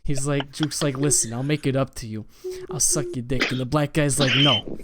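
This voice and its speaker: A man's voice: medium pitch, fairly even intonation, normal speed. A young man streaming live, rambling through a crude improvised story. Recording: loud background noise.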